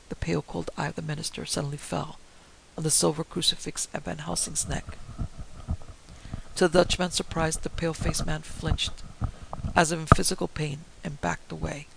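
A man narrating a story in a steady, theatrical manner. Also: fairly high pitch, moderate pace, creaky, rough recording. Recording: faint hiss.

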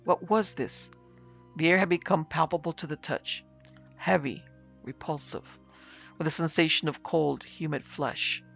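A male narrator reads a ghost story in a steady, deliberate storytelling voice. His tone is gravelly and sits a little high, and a soft music bed runs beneath.

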